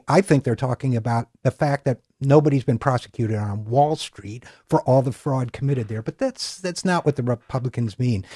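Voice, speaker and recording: A middle-aged man hosts a political commentary show and reads a scripted monologue. His tone is sarcastic and mocking. His voice sits at an ordinary middle pitch, and the recording is dry and close. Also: dark tone, husky, no room sound. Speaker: political talk show host.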